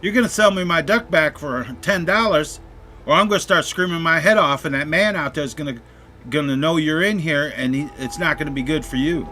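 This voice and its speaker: A man's voice: on the high side, a little fast, sharp tone. A man putting on a cheeky little boy. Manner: pleading, then bargaining with threats. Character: scheming little boy selling his duck.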